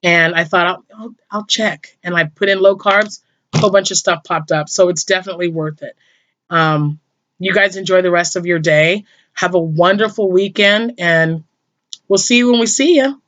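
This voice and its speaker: A woman's voice: fairly low pitch, moderate pace, a bit bright, no echo. Chatty older woman, muffled lo-fi sound. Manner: emotional, chatty, drops to a whisper when moved. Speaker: crochet vlogger. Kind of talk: casual chat to camera.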